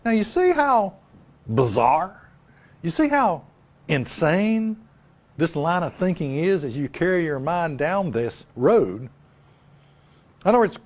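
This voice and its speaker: Lively preaching man, pitch swinging high. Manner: emphatic, rhetorical questions, repeats key lines. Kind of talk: sermon. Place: live church service.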